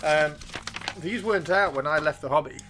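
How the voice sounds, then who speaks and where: A man live streaming as he builds miniatures, excitable and rambling, talking to himself and to chat. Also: a little high, moderate pace, noisy background.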